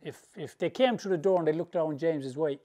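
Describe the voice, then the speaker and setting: A boxing trainer from England spins casual, rambling anecdotes with a slightly raised pitch. He talks loosely and colloquially and laughs easily through his stories. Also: fast talker, mellow. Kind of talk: storytelling interview answers.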